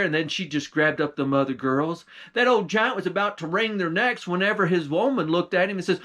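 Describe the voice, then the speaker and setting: Man, pastor, folktale storyteller, country dialect, fairly high voice. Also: fairly bright tone. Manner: folksy rural dialect narration.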